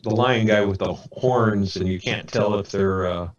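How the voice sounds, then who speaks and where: A man running a tabletop game as game master, narrating with lots of halting fillers. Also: lowish voice, highs cut off.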